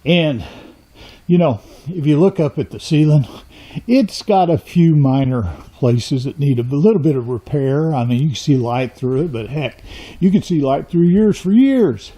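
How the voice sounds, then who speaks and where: A middle-aged man with a Texas accent, hosting a vlog and jokingly pitching a run-down warehouse as a workshop. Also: moderate pace, dark tone, breathy edge. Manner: teasing, mock sales pitch. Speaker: woodworking channel host.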